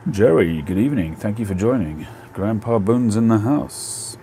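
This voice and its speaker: A man's voice: lowish voice, expressive, moderate pace, warm tone, a little hiss or hum. A man hosting a casual live stream from home on a phone, chatting and answering viewers' comments.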